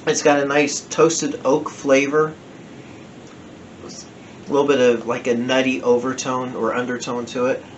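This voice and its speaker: A man with a New Jersey accent talks slowly and loosely, drifting off and correcting himself mid-sentence. It is a relaxed home review, told at an easy, unhurried pace. A faint ambient hum sits behind him. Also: mid-range voice, highs cut off. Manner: rambling, self-correcting, chatty. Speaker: whiskey reviewer. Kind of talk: casual home review vlog. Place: home den.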